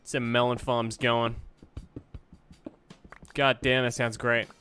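A man's voice: medium pitch, little pitch movement, slow, sharp tone, faint music behind. A young man streaming a game, chatting casually with viewers, joking and greeting them with upbeat bursts. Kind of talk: casual gameplay chat with viewers.

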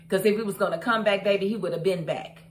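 A woman's voice: mid-range voice, a little fast, a little hiss or hum. Sassy young woman recapping a show. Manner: sassy, animated, talks straight to the characters. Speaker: TV show reviewer. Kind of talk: casual recap and commentary.

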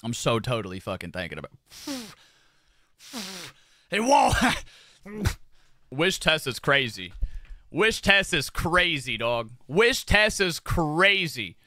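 A man's voice: mid-range voice, huge pitch swings, takes it slowly, pauses often, sharp tone, no echo, studio quality. Slangy, profane young man streaming. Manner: profane, slangy, rambling with repeated phrases. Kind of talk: casual livestream chat while doing makeup.

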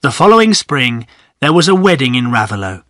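A man narrating a story in a measured reading for English learners. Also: mid-range voice, sing-song, a bit bright, no room sound, studio quality.

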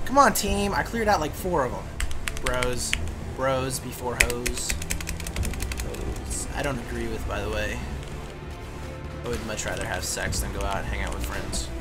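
A man giving casual commentary on his own gameplay, excitable, swearing and breaking into sudden yelps and groans. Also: fairly low pitch, moderate pace, loud music behind the voice.

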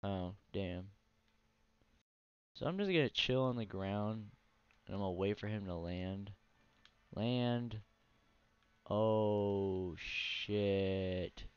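Drawing out his words and leaving long pauses, a gaming channel host with a fairly low, clear, resonant voice rants bluntly and profanely about his console gameplay. He sounds tired, and the casual let's play is recorded dry on a dull lo-fi mic with no echo.

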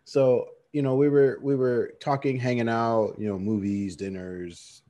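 A man's voice: mid-range voice, unhurried. A man co-hosting a podcast, telling a personal story in casual chat, acting out other people's voices and laughing often. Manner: animated storyteller, acts out friends' voices and laughs a lot. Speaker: podcast co-host.

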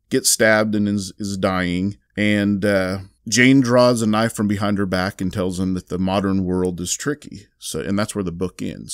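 Low-voiced Southern man recapping a comic. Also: no room sound, studio quality. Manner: rambling recap with many fillers and restarts. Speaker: podcast co-host reviewing comics. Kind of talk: casual podcast chat.

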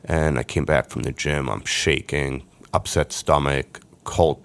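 Super deep gravelly guy, middle-aged, pouring his heart out on a podcast. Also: steady tone, measured pace, a bit bright. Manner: earnest, emotional storytelling. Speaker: podcast guest. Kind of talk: personal recovery story.

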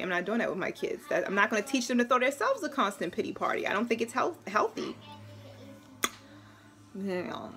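In her relaxed family vlog, this thirty-something woman from Brooklyn, New York, speaks with emphasis and candor in her local accent. Her slightly bright, mid-range voice takes on a playful scolding tone toward her little boy.

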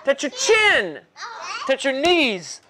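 A woman with a high, bright voice performs as a children's magician. She teases her young helpers and calls out commands to the audience. The live recording has steady background noise. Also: slow. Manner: playful, teasing. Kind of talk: interactive kids' show patter. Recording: noisy live show recording.

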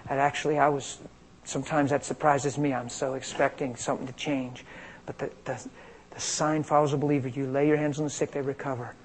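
An American man from Pennsylvania preaching an informal sermon on healing, energetic and conversational, swinging between loud and quiet. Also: medium pitch, brisk, poor audio. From Pennsylvania, USA. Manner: conversational, energetic, big swings in loudness, plays out dialogue.

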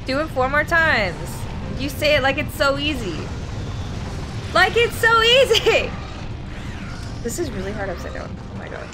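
Speaking high and fairly quick with few pauses, an Australian woman chats her way through a live platform-game stream. Game music plays behind her as she excitedly yelps and laughs at what happens.

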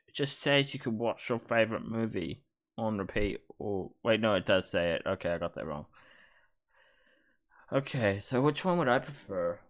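Man, lowish voice, casual gaming commentary, thinks aloud, chatty, hesitant. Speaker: gaming YouTuber. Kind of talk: casual commentary while playing a quiz.

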